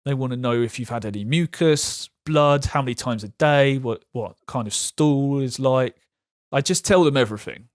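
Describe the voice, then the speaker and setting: A man's voice: mid-range voice, no echo. Candid man, dry close sound. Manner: frank, halting, laughs through hard topics. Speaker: vlogger sharing patient experience. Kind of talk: candid personal talk to camera.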